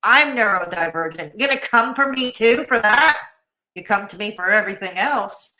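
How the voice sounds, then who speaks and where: A woman's voice: mid-range voice, animated, moderate pace, pushed and bright. A woman streaming live, reacting to a video with sarcastic commentary, laughing often and chatting with her viewers. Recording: roomy echoey room.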